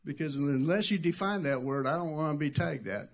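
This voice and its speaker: A middle-aged man preaching a sermon as pastor, talking conversationally and jumping between quiet asides and loud shouted bursts. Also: fairly high pitch, a little fast, vocal fry, hardly any pauses.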